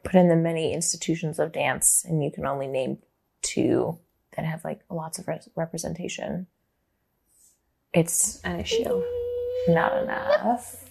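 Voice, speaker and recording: A woman's voice: sits low, very animated, normal speed, creaky, dark tone, slightly rough. A woman interviewer asking questions and affirming her guest in an engaged, encouraging way. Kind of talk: interview conversation.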